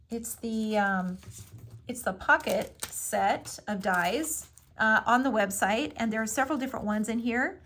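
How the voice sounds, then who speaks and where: A woman with a slightly high voice walks through a paper craft project step by step. She talks casually, with plenty of fillers and reassuring instructions. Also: measured pace, a bit bright, a little hiss or hum.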